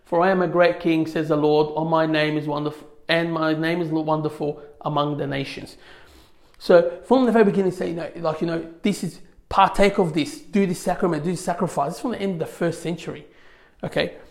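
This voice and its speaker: A man's voice: on the high side, steady tone, brisk. A man teaching a religious class from slides, reading scripture aloud and explaining it in a loose, conversational way. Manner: conversational, many fillers, reads scripture aloud. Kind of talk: informal slide lecture on scripture.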